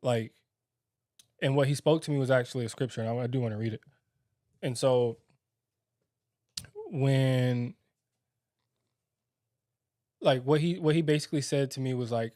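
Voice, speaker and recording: Man, young adult, podcast co-host, candid and halting, filler-heavy, mid pitch, dry sound. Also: darkish tone, dry recording. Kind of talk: candid married-couple conversation.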